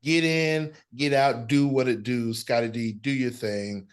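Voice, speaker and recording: A man's voice: medium pitch, fairly even intonation, a little slow, clear, resonant tone. A man co-hosting a sports podcast, teasing his co-host with reluctant, playful compliments. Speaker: podcast co-host, studio manager. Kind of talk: casual sports podcast chat.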